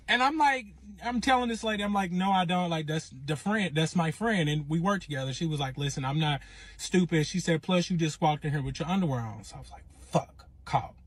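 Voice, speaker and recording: Husky man telling a wild story. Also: a little high, a little fast, no room sound. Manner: animated, acts out quotes in raised voice. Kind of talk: casual storytime.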